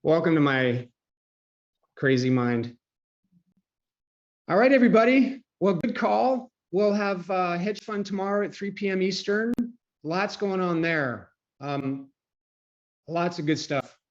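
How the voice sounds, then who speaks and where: A man with a fairly high voice leads a live online trading coaching call. He talks in a chatty, loose way and often clears his throat. His voice comes through dull, lo-fi call audio. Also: animated, measured pace, long pauses.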